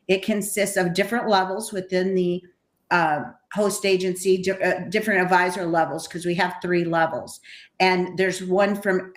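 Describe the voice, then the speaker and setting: An enthusiastic middle-aged woman talks about running her agency in an interview. Her voice rings in a noticeably echoey room. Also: on the low side. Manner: enthusiastic, laughs easily. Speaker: host agency owner and CEO. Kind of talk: webinar interview.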